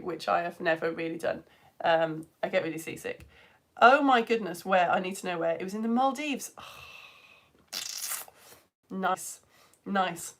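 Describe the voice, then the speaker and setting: A woman science teacher on a live stream, chatting warmly and laughing as she greets viewers by name and reads their comments. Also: mid-range voice. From United Kingdom. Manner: bubbly, chatty, laughs often, rambling. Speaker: online science teacher for home educators.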